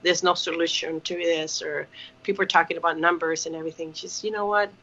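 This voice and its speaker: A woman's voice: fairly low pitch, fairly even intonation, a little fast, a bit bright. A woman talks earnestly over a video call from her home kitchen. Her speech halts and restarts, full of small fillers. The call audio comes through dull and lo-fi. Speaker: ministry partner. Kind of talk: casual video call chat.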